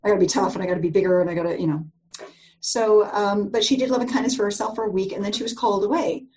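A woman's voice: mid-range voice, fairly even intonation, racing, darkish tone, low-quality recording. A woman leading a live group call, teaching a meditation in a chatty storytelling way, with many fillers and restarts.

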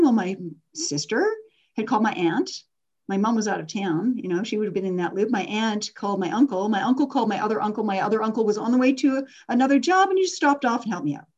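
A woman's voice: mid-range voice, darkish tone, lo-fi sound. A middle-aged woman hosting an online workshop, talking candidly and casually with fillers and laughs. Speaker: workshop host and coach.

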